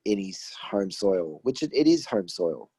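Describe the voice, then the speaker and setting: A man's voice: sits low, big pitch swings, unhurried, dark tone, husky, dry recording, low-quality recording. An Australian man co-hosting a podcast over a remote call, chatting easily about fights. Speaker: podcast co-host. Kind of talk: casual sports chat.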